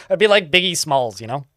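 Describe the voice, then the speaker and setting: A man's voice: on the high side, pushed and bright, no echo, clean studio sound. A man chatting casually while livestreaming a game, rambling with lots of filler words. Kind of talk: casual live gameplay chat.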